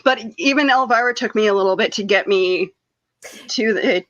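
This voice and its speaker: A woman's voice: medium pitch, moderate pace, fairly bright tone, highs cut off. A woman co-host in a casual podcast chat, talking hesitantly with many restarts.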